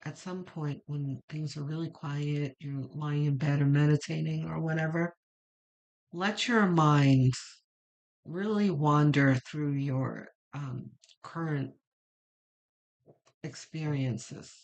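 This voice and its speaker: Slow, low-voiced woman reading tarot. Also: steady tone, a little mellow. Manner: chatty, meandering, with many fillers. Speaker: tarot reader. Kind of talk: casual spoken tarot reading.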